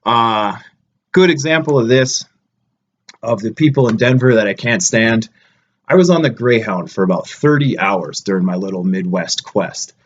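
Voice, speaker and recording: A man's voice: on the low side, animated, normal speed, muffled recording. A man talking casually to camera as a travel vlogger, blunt and ranting with plenty of swearing. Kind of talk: casual vlog chat to camera.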